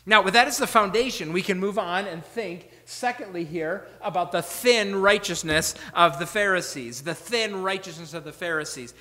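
A man preaching a sermon with earnest emphasis, asking rhetorical questions and dropping to quiet asides. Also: high voice, normal speed, few pauses, long reverb tail. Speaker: pastor. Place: church sanctuary.

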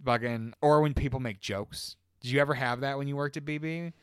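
A man's voice: mid-range voice, fairly quick, smooth, dry recording, clean studio sound. A man co-hosting a casual podcast, telling a long story in a rambling, profane way. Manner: profane, rambling, animated retelling. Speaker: podcast co-host.

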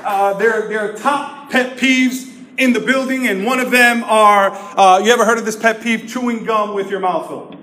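A man preaching to a congregation as pastor, lively and joking, calling out for the crowd to respond. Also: sits high, normal speed. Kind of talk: sermon with humorous stories. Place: church service. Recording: echoey room with music behind.

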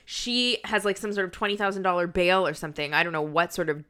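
A woman's voice: fairly low pitch, steady tone, quick pace, bright, forceful tone, smooth. A woman comedian co-hosting a podcast, talking casually with lots of fillers and restarts. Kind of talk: casual chat.

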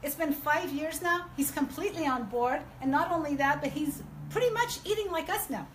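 A woman guest on a podcast, telling her story casually and acting out dialogue in a lively way. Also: high voice, brisk, slight background noise, rough recording. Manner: lively, acts out quoted dialogue.

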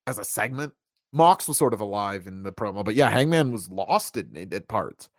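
A man's voice: lowish voice, animated, moderate pace, dry recording, clean studio sound. A man co-hosting a casual wrestling chat, rambling and correcting himself as he gives his opinions. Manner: rambling, self-correcting, laughs often. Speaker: wrestling podcast co-host.

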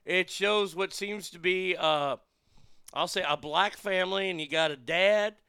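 A man's voice: high-pitched, a little slow, sharp tone, clean tone, no echo. A man hosting a show, reading news aloud and mocking it with crude, profane jokes and laughter. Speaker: show host. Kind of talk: crude comedic commentary.

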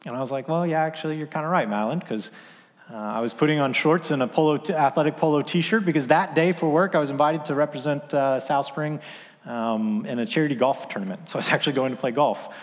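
A man's voice: on the high side, quick pace, big-room sound. A man in his thirties preaching a sermon, telling a story in a casual, conversational way with filler words. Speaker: pastor.

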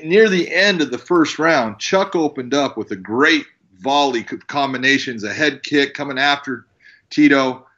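A man who works as a fight referee, telling animated stories and acting out what people said. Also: medium pitch, highs cut off. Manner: animated storyteller, acts out quotes. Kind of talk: casual storytelling.

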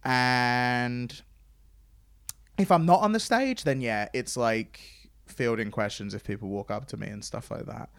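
A man telling convention stories in casual chat, acting out quoted lines in a higher voice. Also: measured pace, fairly bright tone, clean tone, dry recording, clean studio sound. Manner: chatty storyteller, acts out quotes in a higher voice. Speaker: podcast host and stage host.

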